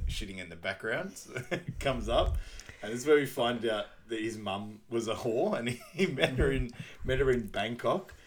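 A man's voice: lowish voice, slight background noise. A man co-hosting a podcast, chatting casually over a video call, rambling loosely and laughing often. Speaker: podcast co-host. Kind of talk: casual chat.

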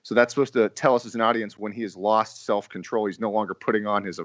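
A man's voice: lowish voice, fairly even intonation, fast talker, no echo, muffled recording. A man hosting a casual film discussion podcast and steering the talk. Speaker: podcast host.

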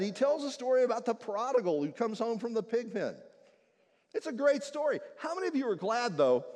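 Animated preacher in a reverberant hall. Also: male voice, high voice. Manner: animated, humorous storytelling. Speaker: pastor. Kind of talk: sermon.

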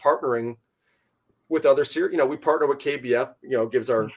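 Talking a little fast in a medium-pitched voice, this man, who started a fishing tournament trail, rambles through a relaxed podcast conversation. His speech is packed with fillers and restarts.

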